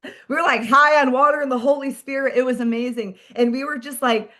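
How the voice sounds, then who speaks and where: A woman leading a team meeting as a sales director, giving an energetic, chatty motivational talk, full of "like" and "friends". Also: sits high, fairly quick.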